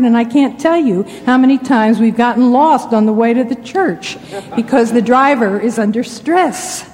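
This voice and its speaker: A woman giving a measured talk to a church audience, with wry asides. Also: medium pitch, warm tone, long reverb tail. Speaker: speaker addressing ministers.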